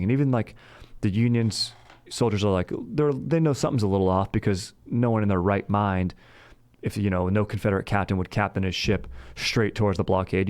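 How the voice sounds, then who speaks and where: A man's voice: on the low side, darkish tone, smooth, dry recording. A man casually telling a history story as a podcast host, laid-back and slangy, rambling with lots of fillers. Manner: slangy and laid-back, says "dude" and "frickin'" a lot; rambling, with many fillers and restarts.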